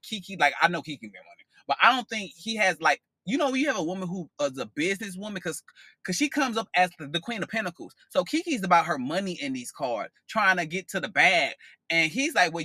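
A man giving a casual tarot reading on his podcast, sassy and expressive, swearing freely. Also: sits high, no room sound. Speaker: tarot reader.

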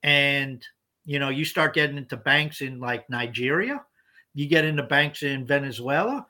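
Bright-voiced man explaining emphatically. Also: medium pitch, normal speed. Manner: explanatory, emphatic, repeats words when starting over. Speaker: podcast co-host. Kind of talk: casual podcast discussion.

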